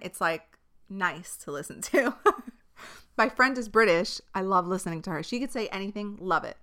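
A woman talks into a podcast mic with a bright, sharp voice, chatting casually on her own show. She swears freely and breaks into laughter often. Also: medium pitch, clear, resonant tone. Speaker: podcast host. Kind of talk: casual solo podcast chat. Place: filming herself on camera. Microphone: podcast microphone.

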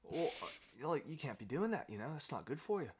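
A man's voice: high voice, big pitch swings, normal speed, a little hiss or hum, voice pushed up. A man voicing a naive, curious little male lizard with a put-on Australian accent. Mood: concerned.

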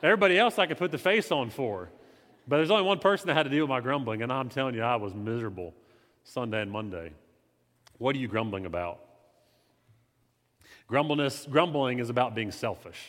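A man, not the pastor, teaching his church in a conversational, animated way, swinging between loud emphasis and quiet confession. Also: mid-range voice, brisk, pauses often. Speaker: lay preacher. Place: church sanctuary. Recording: reverberant hall.

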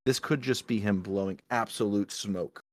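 A man co-hosts a casual podcast over drinks, speaking earnestly through a podcast mic with plenty of ums and restarts. His voice is fairly low and his speed normal. The studio sound is clean, with no room sound.

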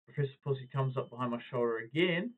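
A man, hosting a podcast and telling a story in a casual, animated way, acting out what people said. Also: mid-range voice, quick pace. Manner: animated anecdote-telling, acting out quoted lines. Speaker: podcast host. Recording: tinny phone-like audio.

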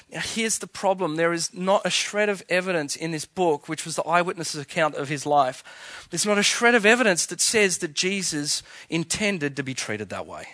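A man's voice: fairly high pitch, lively intonation, moderate pace, pushed and bright, dry recording. A man preaching a sermon, emphatic and full of rhetorical questions. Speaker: pastor.

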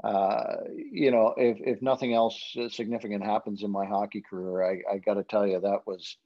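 A man's voice: on the low side, flat delivery, moderate pace. A man, a hockey broadcaster, telling rambling anecdotes in casual podcast chat, with lots of fillers and restarts. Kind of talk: casual storytelling. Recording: dull lo-fi sound.

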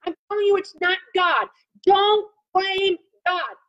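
A woman's voice: very high-pitched, measured pace, a bit bright. A woman preaching a sermon and praying, emphatic and repeating phrases for effect. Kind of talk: sermon with prophetic prayer. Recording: muffled lo-fi audio.

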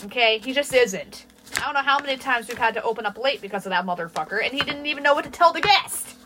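A woman's voice: on the high side, fast talker, noisy background. A woman co-hosting a podcast, telling workplace stories in casual chat, swearing freely. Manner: profane, storytelling, lively. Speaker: podcast co-host.

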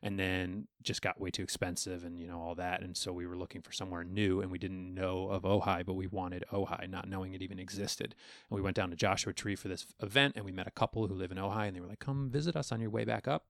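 A man's voice: low-pitched, little pitch movement, fast talker, a bit bright, dry recording, clean studio sound. A man in his thirties from New York State, chatting candidly as a guest, telling stories with lots of fillers. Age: 30s. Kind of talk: casual interview chat.

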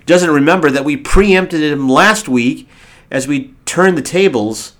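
A man's voice: fairly high pitch, a little slow, fairly bright tone. Give me a male American talk radio host, jokey and hammy, who stumbles into restarts as he banters with his guests. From United States. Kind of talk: playful talk radio hosting.

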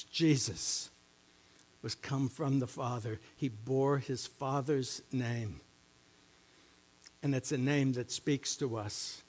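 A middle-aged man, a pastor preaching a sermon in a church, moving between quiet, low musing and loud, emphatic teaching. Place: church sanctuary.

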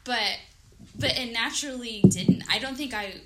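A woman in her thirties, a podcast guest telling a story in casual conversation, animated and acting out her own thoughts. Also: on the high side, normal speed. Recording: faint background noise.

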